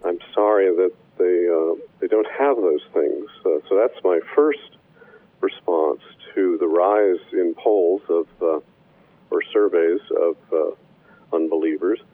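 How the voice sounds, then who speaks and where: Male guest on a phone line, very low voice, measured and hesitant. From Wisconsin. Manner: measured, hesitant with many fillers. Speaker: guest, professor and minister. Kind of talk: radio interview answers. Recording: phone-line radio call.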